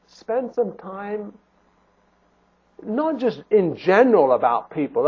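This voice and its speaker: Husky-voiced preacher on a tinny line. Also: male voice, high-pitched. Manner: earnest, pleading rhetorical questions, restarts. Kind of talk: sermon. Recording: phone-like narrow band.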